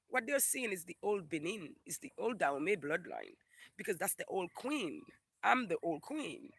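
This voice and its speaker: A high-pitched man from Haiti on a casual livestream, ranting at his viewers in a profane, insistent way and hammering his points by repeating them. His voice is bright and cutting, with a dry, close sound and no room echo. He reads viewer comments aloud and answers them. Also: slightly rough. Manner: profane, emphatic, repeats phrases for emphasis.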